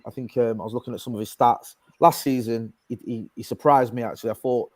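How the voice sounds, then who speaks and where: A man's voice: medium pitch, steady tone, fast talker, a little mellow, no room sound. A man giving his views as a panelist in a casual football chat, rambling with many fillers and restarts.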